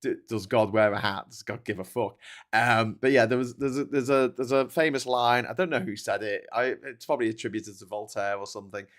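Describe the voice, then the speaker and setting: A man's voice: medium pitch, steady tone, fairly quick, a bit bright. Sweary, chatty man. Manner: sweary, chatty, many restarts and laughs. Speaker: livestream host reading chat. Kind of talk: casual political commentary. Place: at home with a dog.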